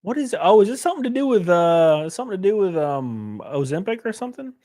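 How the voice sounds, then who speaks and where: A man's voice: sits high, very animated, a little fast, warm tone. A man hosting a casual livestream, reading viewers' comments aloud and answering them in a loose, joking, rambling way. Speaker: livestream host reading chat.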